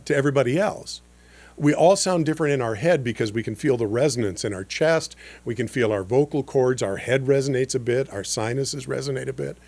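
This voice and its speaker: A man's voice: mid-range voice, darkish tone. Easygoing older man coaching voice-over. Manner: easygoing, chatty teaching with frequent fillers. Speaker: voice-over coach and podcast host. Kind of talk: conversational podcast lesson.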